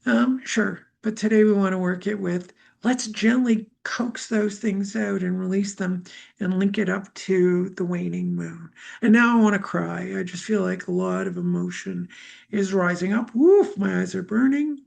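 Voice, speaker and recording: A middle-aged woman leading a live healing session, talking gently and musingly about feelings and breath, with many fillers. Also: mid-range voice, lively intonation, a little slow, gravelly. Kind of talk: guided healing talk.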